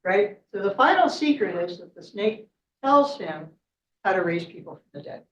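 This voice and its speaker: A woman's voice: mid-range voice, very animated, moderate pace, a bit bright, slight background noise. A woman guest speaker telling a myth in a chatty way, laughing often and checking in with "right?". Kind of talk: storytelling talk at a club meeting. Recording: echoey room, distant mic, dull sound.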